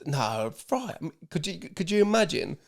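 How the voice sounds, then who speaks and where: A man's voice: a little high, very animated, normal speed, creaky. Laid-back man hosting a chat podcast. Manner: laid-back, laughing, swearing banter. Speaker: podcast host. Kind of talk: casual chat.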